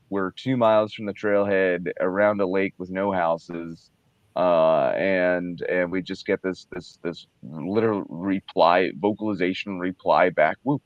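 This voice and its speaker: A relaxed man in his thirties talks as a guest in a low voice, full of fillers and restarts. The sound is dry and a little dull, close and unroomy. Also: no echo. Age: 30s. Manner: easygoing, with many fillers and restarts. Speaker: guest, Bigfoot researcher. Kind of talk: casual conversation.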